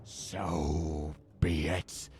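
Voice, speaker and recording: A man's voice: a bass voice, little pitch movement, a little mellow, a little hiss or hum, pitched below the performer's own voice, heavily acted. A man putting on a grave, menacing elf villain. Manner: slow, grave pronouncements. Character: menacing male elf villain issuing curses. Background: background music.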